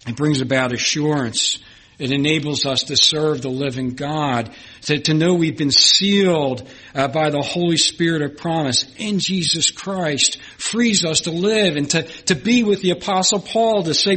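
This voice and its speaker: Husky-voiced man preaching a sermon. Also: fairly high pitch, moderate pace, a bit bright. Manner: earnest preaching with scripture readings. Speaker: pastor.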